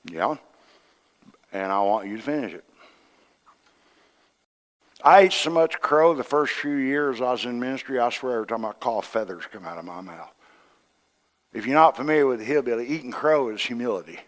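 A middle-aged man, an associate minister, preaching a sermon with folksy humor, acting out dialogue and swinging from hushed tones to loud outbursts. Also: mid-range voice, expressive, fairly quick. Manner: acts out dialogue in quoted voices.

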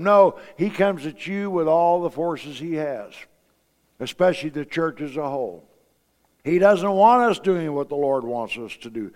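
Folksy preacher in a reverberant church. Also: male voice, on the high side, animated, measured pace, a little mellow. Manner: folksy storytelling preaching with rhetorical questions. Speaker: pastor. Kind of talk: sermon.

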